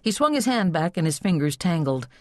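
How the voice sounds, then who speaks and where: A woman reading a novel aloud in a low voice with lively, expressive intonation. Her storytelling is measured and scripted. The studio recording is close and dry. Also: no room sound. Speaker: audiobook narrator. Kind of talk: scripted narration.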